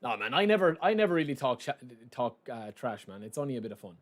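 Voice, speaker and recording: A man's voice: mid-range voice, very animated, fast talker. A man giving casual, joking live commentary while he plays a football game and chats to his viewers. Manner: chatty and joking, talks to viewers as lads. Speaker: gaming streamer.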